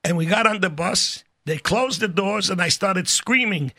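An older man telling stories in a casual, animated way, acting out the voices of people in them. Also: high voice, moderate pace, gravelly. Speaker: storyteller guest. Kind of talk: casual spoken storytelling.

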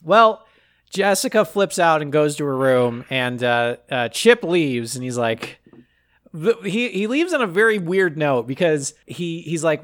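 A man's voice: on the high side, very animated, a little slow, a bit bright. A man co-hosting a comedy podcast, casually recapping a movie and riffing with jokes. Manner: jokey, riffs with silly voices for characters.

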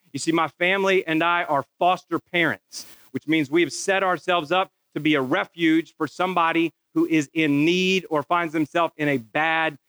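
A middle-aged man preaching a sermon built around a personal story. His voice is bright and forceful and sits a little high. He tells it in a folksy, storytelling way, acting out the dialogue himself. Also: no echo, rough recording. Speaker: pastor.

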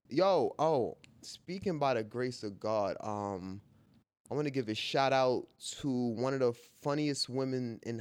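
A man's voice: medium pitch, darkish tone. A man co-hosting a casual podcast, talking animatedly, exclaiming and repeating himself. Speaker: podcast co-host. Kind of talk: casual chat.

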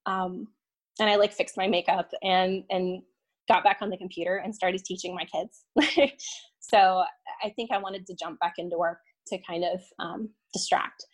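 A young woman guest recounting a painful personal experience in casual, halting talk, full of "um" and "like" and restarts. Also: lowish voice, steady tone. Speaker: podcast guest; violin teacher.

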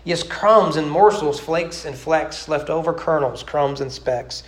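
A woman's voice: deep voice, a little slow. A man reading a rhyming poem aloud and voicing a loyal, devoted young widow. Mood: earnest. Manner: rhyming sing-song recitation. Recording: roomy church sanctuary.

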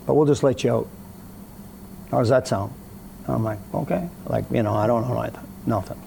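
Gravelly man telling a story. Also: mid-range voice, brisk, noisy background. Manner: animated storyteller, acts out quoted voices. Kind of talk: casual storytelling.

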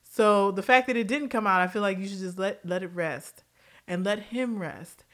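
A woman's voice: mid-range voice, moderate pace, fairly bright tone. A woman hosting a casual pop-culture commentary show, blunt and profane, laughing often and jumping between tangents.

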